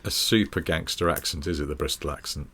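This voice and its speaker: Deep voiced guy on a podcast, dry wry comments, casual chat. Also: brisk, a bit bright, breathy edge. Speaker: podcast co-host.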